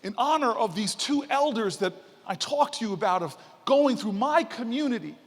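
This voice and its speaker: High-voiced man giving a hall keynote. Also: lively intonation, moderate pace. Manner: storytelling, building to rousing emphasis. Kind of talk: keynote speech. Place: large convention hall. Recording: reverberant hall.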